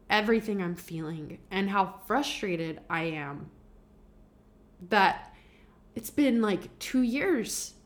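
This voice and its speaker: A woman's voice: mid-range voice, a bit bright. Young woman podcast host, candid and confessional, loose rambling delivery with fillers. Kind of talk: personal podcast monologue.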